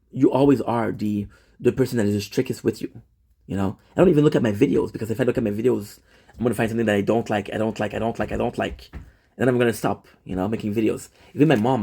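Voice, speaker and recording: Gravelly man venting, dark husky voice. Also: mid-range voice. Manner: emotional, repeats himself, swears often. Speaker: vlogger. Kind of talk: casual personal talk to camera.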